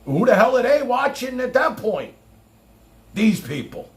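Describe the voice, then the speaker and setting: A man's voice: very high voice, very animated, measured pace, vocal fry. A man hosting his own livestream, talking casually in a boastful, rambling showman's way. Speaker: livestream host.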